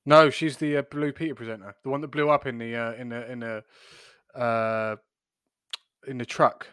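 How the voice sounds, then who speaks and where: A man in casual podcast chat, groping for words and restarting mid-sentence as he recalls a story. He sits at a middle pitch, recorded dry and close. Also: fairly even intonation, fairly bright tone, smooth, no echo. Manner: halting, full of fillers and restarts.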